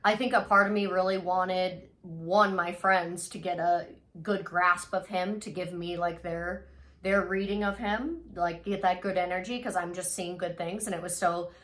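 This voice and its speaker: A woman guest talks earnestly in a casual podcast chat. Her phrases trail off softly, and she fills them with frequent "like"s. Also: on the low side, fairly even intonation, moderate pace.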